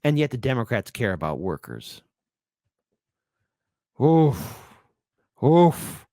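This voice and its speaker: A male host talks over news clips in a lively, swooping voice. He mocks what he hears and sometimes breaks into shouts. The sound is close and dry, with no room around it. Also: medium pitch, slow pace, no room sound. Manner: animated and mocking, with shouted bursts.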